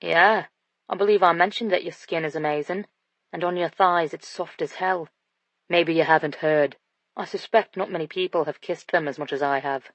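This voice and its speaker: A woman's voice: on the low side, normal speed, no echo. A woman voicing a teasing British man. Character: flirtatious British businessman, confident and teasing. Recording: dull dry studio sound.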